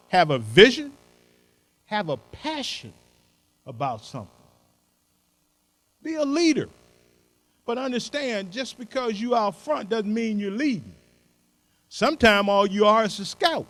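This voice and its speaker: Brief: older male keynote speaker, folksy and emphatic, animated delivery. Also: high voice, poor audio. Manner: punchy short maxims. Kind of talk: motivational speech.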